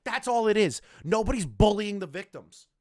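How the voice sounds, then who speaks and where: A man's voice: high voice, lively intonation, moderate pace. A man streaming from home, ranting in heated, profane, sarcastic commentary. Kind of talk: livestream commentary rant.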